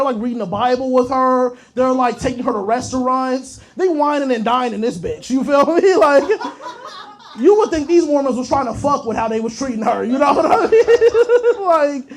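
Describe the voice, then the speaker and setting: A young man performing a profane, rambling stand-up comedy set, telling stories straight to the crowd. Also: extremely high pitch. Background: audience laughter.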